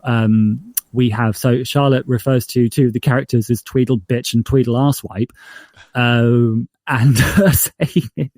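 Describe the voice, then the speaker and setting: A man's voice: medium pitch, darkish tone, dry recording. A man from northern England, a podcast showrunner, talking in a casual interview with hesitant, filler-heavy speech. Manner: rambling, hesitant, many fillers and restarts.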